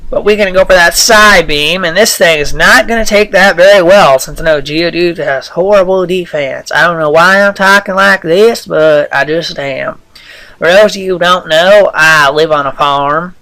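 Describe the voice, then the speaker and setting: A man's voice: sits high, moderate pace, pushed and bright, poor audio. A man voicing a stereotypical Southern farmer in an exaggerated put-on Southern US accent. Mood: joking. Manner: exaggerated drawl, rambling.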